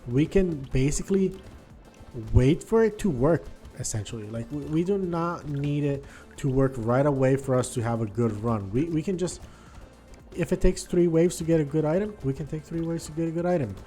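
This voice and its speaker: A man giving casual gameplay commentary, thinking aloud and swinging between quiet muttering and frustrated outbursts. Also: on the high side, moderate pace, soft background music. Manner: thinks aloud, repeats words and restarts. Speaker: gaming video host.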